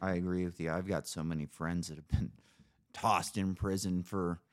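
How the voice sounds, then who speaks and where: A man's voice: low voice, steady tone, normal speed. A man hosting a casual podcast, telling a story with plenty of swearing and acting out his own reactions. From Idaho. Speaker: podcast host.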